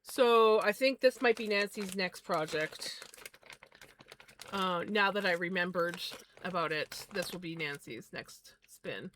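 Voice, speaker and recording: A woman's voice: on the low side, unhurried, a bit bright, a little hiss or hum. A woman chatting casually on a livestream while spinning yarn, easygoing and a bit scattered as she talks to her viewers.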